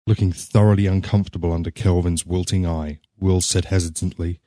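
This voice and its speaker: A man narrating a short story in a measured, scripted reading. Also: deep voice, fairly even intonation, dark tone, dry recording, clean studio sound.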